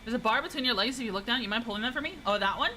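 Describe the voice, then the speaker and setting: A woman's voice: on the high side, rapid-fire, sharp tone, a little hiss or hum, rough recording. A young woman streaming a flight game, chatting casually and teasing her chat in a playful way.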